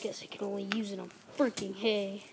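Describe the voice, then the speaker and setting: A woman acting as a soldier in a home-made action video, muttering asides to herself and yelling shooting noises. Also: mid-range voice, level tone, fairly quick, creaky, background noise. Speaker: soldier in a home-made toy-gun war film.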